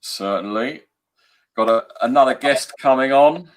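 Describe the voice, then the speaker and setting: A man's voice: mid-range voice, unhurried. An English man co-hosting a sports podcast, introducing a guest in a jokey, self-deprecating way. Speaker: podcast host. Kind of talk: casual chat.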